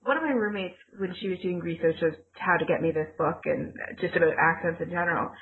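A lowish, brisk female voice comes through a tinny call line, with slight noise in the background. She's co-hosting a podcast, chatting loosely and rambling with lots of "like" fillers.

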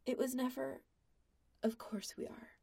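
A woman's voice: sits high, little pitch movement, creaky, slightly rough, in a whisper, pitched above the performer's own voice, exaggerated voice. A woman reading a hesitant, insecure young man. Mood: soft. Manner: soft, hesitant, halting. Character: insecure young man, a self-doubting musician.

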